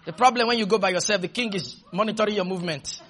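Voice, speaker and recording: High, husky-voiced fervent male preacher. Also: very fast. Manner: fervent preaching, shouting, leading call-and-response. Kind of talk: sermon.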